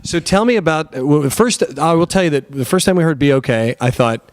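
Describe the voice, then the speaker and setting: A man's voice: on the high side, expressive, brisk. Chatty male radio host. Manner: easygoing, chatty, agreeable. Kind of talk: backstage interview. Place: side stage at a concert.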